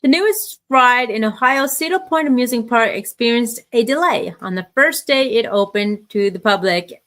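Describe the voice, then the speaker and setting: A woman's voice: mid-range voice, a bit bright. A woman co-hosting a casual podcast, reading odd news stories aloud and adding wry, teasing asides. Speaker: podcast co-host.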